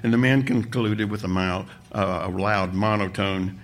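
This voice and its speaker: A man, a pastor, reading a story aloud with expressive delivery during a sermon. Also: fairly low pitch, unhurried. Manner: expressive storytelling, voices the characters.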